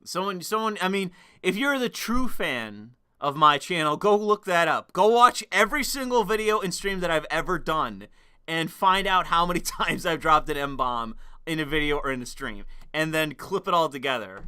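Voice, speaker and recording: A man's voice: fairly high pitch, expressive, normal speed, pushed and bright, smooth. A young man streaming casual commentary, rambling and profane, laughing at his own remarks.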